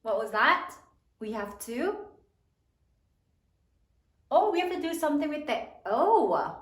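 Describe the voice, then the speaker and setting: A woman teacher leading a spelling lesson for children, sounding out each syllable slowly and clearly. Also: high-pitched, sing-song, far from the mic. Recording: roomy, from away from the mic.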